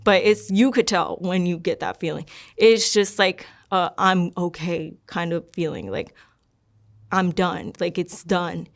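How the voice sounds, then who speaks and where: A young woman with a lowish, creaky voice speaks at a normal speed. She's a guest sharing her personal testimony, casually and ramblingly, with frequent "likes" and repeated words.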